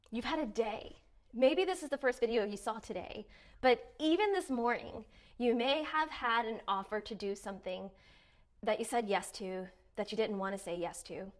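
Woman, middle-aged, slightly high pitch; earnest self-help vlogger with dramatic emphasis. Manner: earnest, dramatic emphasis, varies loudness widely. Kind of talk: direct-to-camera motivational talk.

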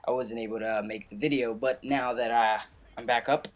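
A man's voice: mid-range voice, fairly even intonation, fairly quick. A young man hosting a gaming channel, giving a casual, rambling update full of fillers and restarts.

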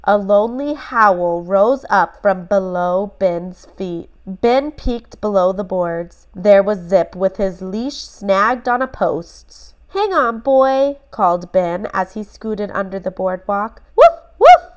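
A woman reads a children's picture book aloud, taking her time over each line. Her delivery is gentle and clear, in an ordinary mid-range voice. The pace stays slow and even. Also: medium pitch. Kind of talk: children's storybook read-aloud.

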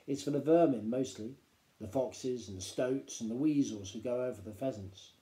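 A man voicing a mischievous, lively father who tells stories in an animated, conspiratorial way, reading a storybook aloud. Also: medium pitch, moderate pace, reverberant, lightly acted. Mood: matter-of-fact.

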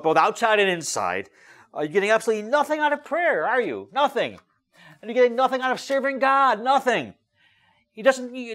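A man preaching a sermon as a rabbi, emphatic and lively, with frequent fillers and restarts. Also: high voice.

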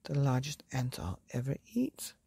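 A woman's voice: rumbling low, big pitch swings, normal speed, creaky, warm tone, breathy edge, dry recording, studio quality, full character voice. A woman voicing a starving, greedy male anteater in a bedtime story, half-whispered and pleading. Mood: gloating.

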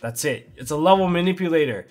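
A man's voice: a little high, expressive, quick pace, faint music behind. Casual male card game reviewer. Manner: chatty, offhand, thinking aloud with fillers and asides. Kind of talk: casual commentary.

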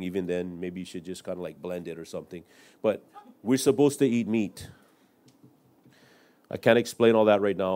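A man's voice: on the low side, a little mellow. A middle-aged man pastor preaching a Bible-teaching sermon, citing chapters and verses and explaining them in plain words with the odd aside. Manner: expository preaching with scripture citations and asides.

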